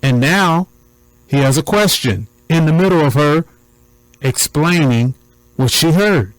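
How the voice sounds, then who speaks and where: A man commenting on a recording in a deliberate, preacher-like cadence, repeating points for emphasis. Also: on the high side, expressive, no echo, low-quality recording.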